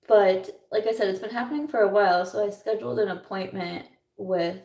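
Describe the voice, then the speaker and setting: A woman's voice: mid-range voice, vocal fry, recorded from a distance. A young woman chatting casually in a livestream while doing her makeup, rambling with lots of fillers and nervous laughs. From Iowa. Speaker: beauty vlogger. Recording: roomy echo, voice a little off mic.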